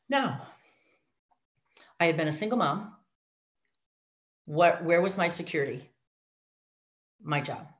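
A middle-aged woman sharing her life story, animated, acting out voices and speaking asides to her listeners. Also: lowish voice. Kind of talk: personal testimony talk. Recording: dull lo-fi audio.

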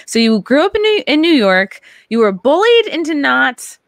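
A young woman hosting a podcast, chatting casually and with animated enthusiasm. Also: sits high, normal speed, dry recording, studio quality. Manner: animated, enthusiastic, acts out quotes. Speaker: podcast host. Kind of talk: casual interview chat.

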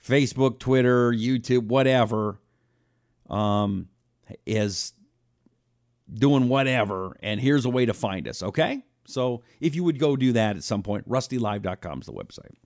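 A man's voice: medium pitch, unhurried, darkish tone, no room sound, studio quality. A man hosting a live talk stream, chatting loosely with viewers, reading out their comments and making blunt asides. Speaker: host.

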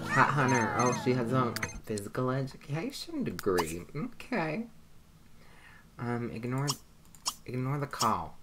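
A young woman with a very deep voice chats her way through a game, swearing and laughing as she goes. Her tone swings up and down a lot, and she talks at an unhurried pace. Loud game music plays underneath her voice. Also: big pitch swings. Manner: chatty, swears freely, laughs often. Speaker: gameplay commentator. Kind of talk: casual let's-play commentary.

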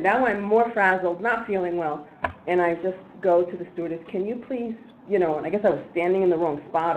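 Animated woman telling a story in an echoey room. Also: medium pitch, phone-quality sound, slight background noise. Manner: animated, laughing storyteller who acts out other people's lines. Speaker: speaker at a disability training. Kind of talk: storytelling talk. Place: training event room. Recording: echoey room with faint ambience.

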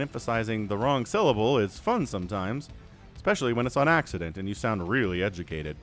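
A game shoutcaster covers a strategy video game on his own, chatting casually and tossing in jokes. He's a fast talker with a lowish, very animated voice. There's faint music behind him.

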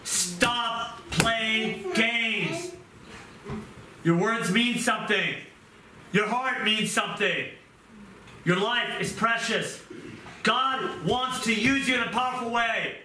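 Impassioned high-voiced preacher in echoey room. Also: male voice, slow. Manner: impassioned, swings from loud pleading to hushed, tearful moments. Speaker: pastor. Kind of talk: sermon. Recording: echoey room, mic at a distance, audible background noise.

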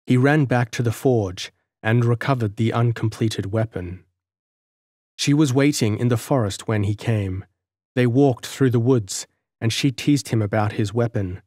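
Measured male audiobook narrator, dry sound. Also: lowish voice, darkish tone, no echo. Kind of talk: scripted narration.

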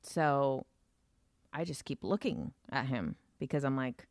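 Woman telling her story slow and low, lots of "like", swears, dry close sound. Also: darkish tone, no room sound. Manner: filler-heavy, swears, vivid retelling. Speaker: storyteller recounting an encounter. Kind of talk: casual storytelling.

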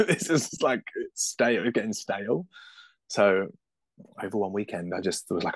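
Lively British man, lowish voice. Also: dry recording. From United Kingdom. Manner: animated, laughs often, quick restarts. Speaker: puppeteer guest. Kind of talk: casual interview chat.

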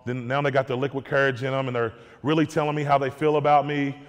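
A man's voice: mid-range voice, little pitch movement, quick pace. Earnest man speaking in an echoing hall. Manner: candid, earnest, repeats words as he searches. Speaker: guest speaker. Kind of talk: testimony talk. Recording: long hall reverb.

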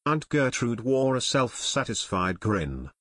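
A man's voice: medium pitch, measured pace, dry recording. Dry, close male audiobook narrator. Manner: steady storytelling. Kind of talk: scripted narration.

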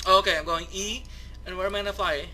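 A man's voice: high voice, steady tone, quick pace, music in the background. A young man playing a game with his nephew in an exaggerated spoof of a hyper YouTuber, repeating phrases over and over.

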